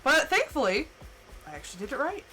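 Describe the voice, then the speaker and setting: A woman livestreamer telling stories in casual chat, animated and full of fillers, acting out the people she quotes. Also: sits high, fast, soft background music, poor audio. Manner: chatty and animated, full of "like" and laughs; acts out quoted people with jumps in voice. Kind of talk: casual storytelling chat during a game stream.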